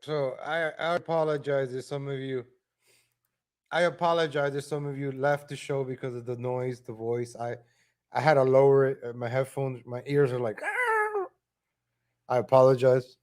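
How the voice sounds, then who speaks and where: A man's voice: mid-range voice, little pitch movement, normal speed, darkish tone. A man hosting a live stream, talking straight to viewers in a casual, scolding way with frequent "right?" tags and chuckles. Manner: repeats himself with tag questions. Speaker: live-stream commentary host.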